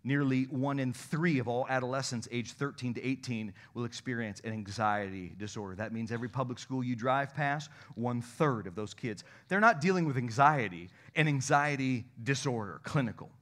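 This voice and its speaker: A man's voice: medium pitch, moderate pace, hardly any pauses, a bit bright. A man preaching a sermon from a church pulpit, emphatic, with rising bursts of intensity. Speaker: pastor. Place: church sanctuary.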